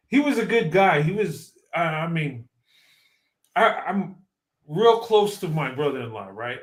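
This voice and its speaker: A man, a guest, telling a story in a casual, animated way and laughing often. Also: fairly high pitch, unhurried, reverberant.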